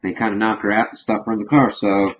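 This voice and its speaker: Casting: man with a lowish voice, rambling casual recap of a show, muffled lo-fi sound. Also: flat delivery, fast, slight background noise. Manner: rambling retelling full of "of course" and "kind of". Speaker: TV episode reviewer.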